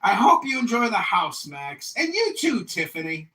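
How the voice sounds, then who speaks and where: A man voicing a crude, boisterous dad who is loudly proud of his son. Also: high voice, very animated, normal speed, pitched above the performer's own voice, heavily acted. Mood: gleeful. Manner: loud, gleeful and raunchy. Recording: echoey room, distant mic.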